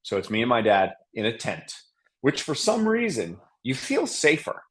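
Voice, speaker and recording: A man guesting on a podcast, telling a hunting story in a casual, animated way with frequent restarts and fillers. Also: medium pitch, moderate pace.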